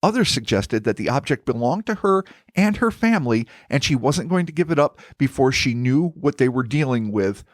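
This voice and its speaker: A man's voice: medium pitch, lively intonation, moderate pace, few pauses, no room sound, clean studio sound. A man co-hosting a podcast, reading a paranormal story from a script and breaking off into wry, profane banter. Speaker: podcast co-host.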